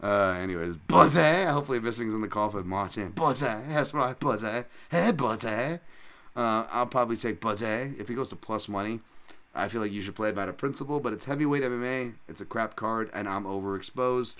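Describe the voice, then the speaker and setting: A man's voice: fairly low pitch, quick pace, fairly bright tone, clean tone. A man hosting a solo fight-betting podcast, talking casually in a profane, rambling and jokey way. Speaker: podcast host and fight analyst.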